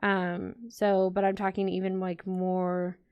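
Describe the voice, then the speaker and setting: A woman's voice: medium pitch, level tone, slow pace, clear, resonant tone, lo-fi sound. A woman vlogger chatting casually to her viewers while decorating a planner, rambling and talking straight to the audience. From United States.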